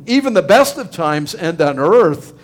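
A man's voice: sits high, sing-song, unhurried. A middle-aged male pastor giving a conversational sermon, earnest and rambling, with frequent restarts and fillers.

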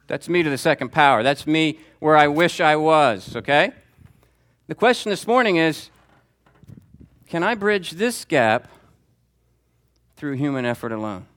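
A man teaching a Sunday school class, talking conversationally and calling on students by name, with lively swings in pitch for emphasis. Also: unhurried, long pauses. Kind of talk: teaching sermon. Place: church classroom before a group.

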